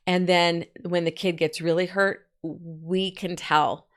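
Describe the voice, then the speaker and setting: A woman teaching a poetry lesson in a chatty, folksy way, with asides and quick quoted voices. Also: lowish voice, steady tone. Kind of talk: poetry lesson, casual explaining.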